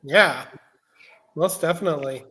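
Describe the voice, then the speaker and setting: A man hosting a comics podcast, asking relaxed, rambling questions in a casual interview over a remote stream call. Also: on the high side, measured pace. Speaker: podcast host.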